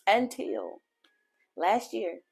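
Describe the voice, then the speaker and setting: A woman's voice: medium pitch, very slow, gravelly, husky. A woman podcast host telling a personal faith testimony in an earnest, heartfelt way, speaking directly to her listeners.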